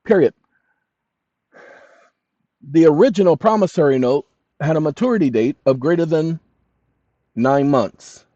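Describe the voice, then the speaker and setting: A channel host with a fairly high voice and lively intonation lectures his viewers emphatically, calling them "ladies and gentlemen." He slows down to dictate text word by word, and the recording is dry, dull, muffled, and lo-fi.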